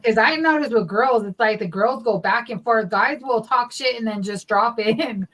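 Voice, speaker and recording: A woman's voice: fairly high pitch, normal speed, fairly bright tone, poor audio. A woman hosting a casual podcast chat, blunt and swearing freely as she acts out quoted dialogue. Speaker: podcast host.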